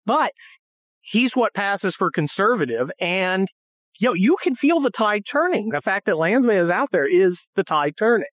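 A woman in casual, profane chat, animated and mocking. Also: medium pitch, normal speed, no room sound, clean studio sound.

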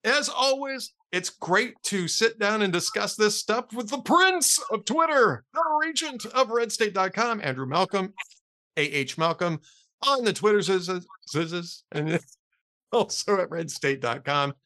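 Man, podcast host, casual chat, chatty, lively intonation. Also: high voice, measured pace. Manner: chatty, laughs at his own jokes. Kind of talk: casual chat and joke telling.

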